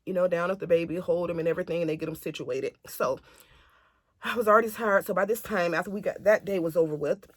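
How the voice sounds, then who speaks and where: A woman telling a family story to camera in a casual, animated way, acting out what others said. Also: fairly low pitch, fast, no echo, studio quality. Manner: chatty, animated retelling that acts out other people's lines.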